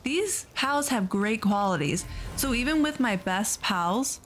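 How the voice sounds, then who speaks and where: A woman's voice: a little high, lively intonation, a little slow, soft background music. A woman hosting a let's play video, giving casual, chatty gameplay commentary and gushing over the creatures she raises.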